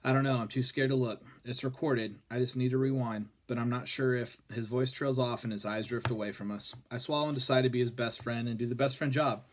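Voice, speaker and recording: A man reading a children's novel aloud in a plain, steady voice, with few changes for the characters. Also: medium pitch, fairly quick, hardly any pauses. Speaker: reader.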